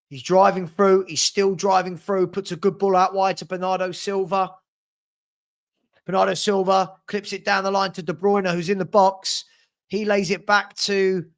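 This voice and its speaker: A man's voice: high voice, a bit bright. A man hosting a live match watchalong, calling the play in a casual way and chatting with viewers about their comments. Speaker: watchalong host.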